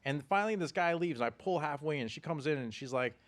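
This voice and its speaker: A middle-aged man hosting a podcast, telling stories in casual chat with animated delivery and laughs. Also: fairly high pitch, fast talker. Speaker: podcast host.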